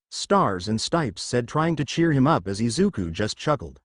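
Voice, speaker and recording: A man reading a fan story aloud in an animated storytelling manner on a close mic. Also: mid-range voice, normal speed, no echo. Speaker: fanfic narrator.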